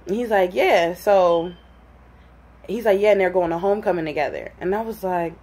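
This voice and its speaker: Brief: young woman, casual storyteller, slightly low, mellow tone, chatty with filler words. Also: moderate pace. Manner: animated, acts out quoted voices, many "like" fillers.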